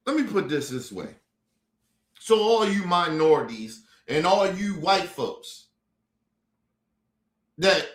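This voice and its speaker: A high, bright-toned man from the United States rants hard on a live stream. His pitch swings widely as he swears and hammers his points home. The sound rings with room echo. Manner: profane, fiery and emphatic, lecturing the audience. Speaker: streamer and commentator. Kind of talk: heated streamed commentary rant.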